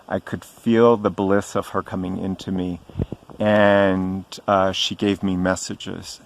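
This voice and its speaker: A middle-aged man telling a personal story to camera in a gentle, reverent way, pausing often with ums. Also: low-pitched, level tone, creaky, slight background noise. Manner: slow and hesitant, frequent ums and pauses. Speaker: spiritual vlogger.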